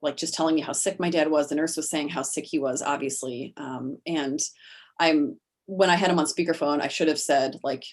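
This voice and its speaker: A woman telling her own story as an interview guest on a video call, halting, with many fillers and restarts. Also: sits low, fairly even intonation. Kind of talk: personal account in an interview.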